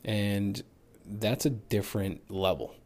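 A man's voice: on the low side, slow, a little mellow. A man hosting a solo fitness podcast, talking candidly and motivationally in a loose, casual way with the odd swear word, while he recovers from being sick. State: recovering from illness. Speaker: fitness coach and podcast host.

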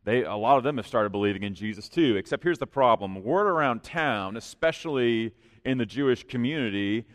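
A pastor preaching in a church, with an earnest, conversational delivery that rises for emphasis. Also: male voice, mid-range voice, expressive, brisk. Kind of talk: sermon. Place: church sanctuary. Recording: long reverb of a large hall.

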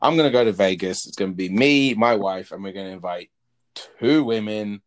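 Guy in his 20s, lowish voice, rambling frank podcast chat. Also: brisk. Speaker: podcast co-host. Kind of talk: casual chat.

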